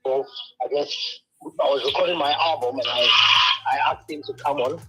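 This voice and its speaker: Husky-voiced man telling a story. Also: mid-range voice, moderate pace, poor audio. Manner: animated storytelling, mimics others' voices. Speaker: reggae artist guest. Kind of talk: radio interview.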